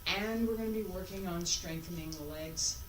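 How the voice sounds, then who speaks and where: A woman's voice: on the low side, normal speed, a little hiss or hum. A woman teaching a martial arts class as she demonstrates, thinking aloud with rhetorical questions. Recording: roomy sound from a distant mic.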